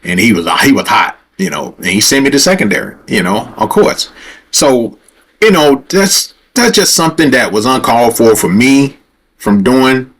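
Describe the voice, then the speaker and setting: A man's voice: medium pitch, very animated, moderate pace, a bit bright. A man hosting a livestream, telling a story in a rambling, conversational way straight to his viewers, and growing heated and profane as he retells a confrontation. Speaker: livestream host.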